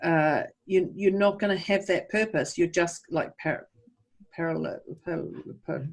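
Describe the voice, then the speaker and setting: A woman co-hosts a podcast in casual conversation, chatting away, acting out inner voices as she talks, and calling out love to listeners. Her voice is fairly low in pitch and her speed normal.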